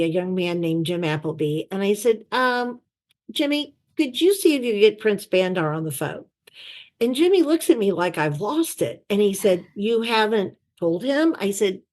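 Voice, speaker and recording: Woman telling a lively anecdote. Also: medium pitch. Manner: animated storyteller who acts out quoted voices. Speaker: interview guest. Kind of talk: anecdotal storytelling. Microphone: video call.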